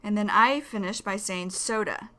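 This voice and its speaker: A woman from the northern United States with a Northern US accent, teaching English vocabulary slowly and clearly and repeating key words. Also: medium pitch, pushed and bright. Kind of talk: slow explanatory language lesson.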